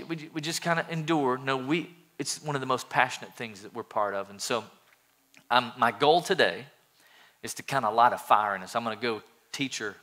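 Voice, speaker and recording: A man preaching a sermon as a pastor, earnest and animated, with many restarts. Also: mid-range voice.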